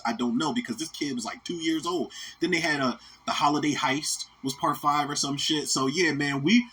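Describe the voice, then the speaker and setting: A man's voice: a little high, brisk, sharp tone, breathy edge. A man in his thirties, hosting a podcast and giving a casual, rambling, profane movie rant that keeps coming back to "man". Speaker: podcast host.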